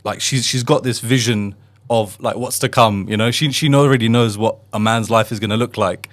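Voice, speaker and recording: A man's voice: on the low side, steady tone, normal speed. A man hosting a podcast who reflects on his guest's story in a casual way, thinking aloud with restarts. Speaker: podcast host. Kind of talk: casual interview chat.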